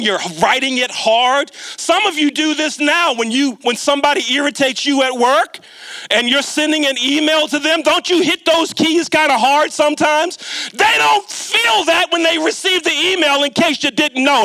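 A man preaching in a church with an unusually high, bright voice. He tells a humorous story in a chatty way and keeps asking the congregation questions. The sound is dry and close. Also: dry recording. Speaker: lay preacher. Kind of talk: storytelling sermon. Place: church sanctuary.

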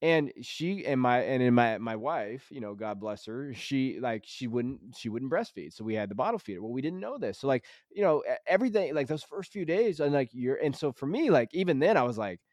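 A man's voice: medium pitch, animated, a little fast, few pauses, a little mellow, dry recording, clean studio sound. A man co-hosting a parenting podcast in casual chat, rambling with many restarts and fillers, earnest and emphatic. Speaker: podcast co-host; high school psychology teacher.

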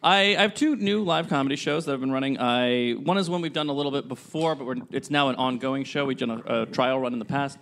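A man's voice: mid-range voice, fast, gravelly, few pauses, fairly bright tone, slight background noise. A man appearing as a comedian guest on a podcast, talking in a dry, wry way. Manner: dry, wry, self-deprecating. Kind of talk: casual comedy chat.

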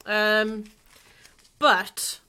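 A woman co-hosting a podcast, chatting casually and briskly setting up a quiz. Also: mid-range voice, fairly even intonation, pushed and bright, smooth. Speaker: podcast co-host running a quiz. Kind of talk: casual chat.

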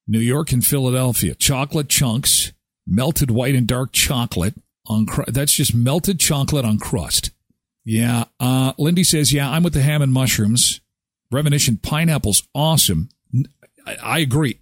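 A man's voice: mid-range voice, husky, no echo, studio quality. A man hosting a live daily show in casual chat, reacting with exclamations and jokes. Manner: animated, exclaiming and joking.

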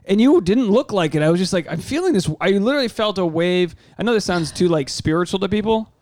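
A man in his thirties co-hosting a podcast in casual chat, an animated storyteller who swears freely and acts out quotes. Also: high voice, fast talker, dry recording, studio quality. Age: 30s. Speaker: podcast co-host. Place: home.

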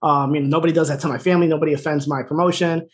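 A man's voice: on the high side, steady tone, racing, a little hiss or hum. A man co-hosting a podcast, casually retelling a TV episode with fillers and laughs. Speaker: podcast co-host recapping a TV episode. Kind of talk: casual chat.

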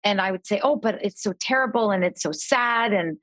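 A woman's voice: mid-range voice, a little fast, no room sound. A middle-aged woman, a podcast guest, telling a personal story in casual conversation and acting out the voices of people in it. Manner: animated storyteller, voices quoted family members.

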